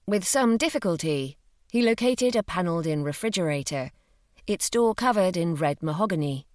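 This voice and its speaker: Expressive woman narrator, lively intonation. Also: lowish voice, moderate pace, no room sound, studio quality. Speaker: audiobook narrator. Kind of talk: scripted narration of a novel.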